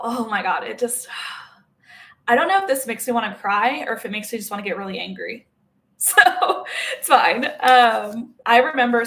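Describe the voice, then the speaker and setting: A woman's voice: mid-range voice, fairly bright tone. A woman in an emotional, heavily profane personal monologue as a spiritual self-help creator, talking in loose run-on sentences full of "like" and "okay?". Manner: blunt, heavily profane, emphatic.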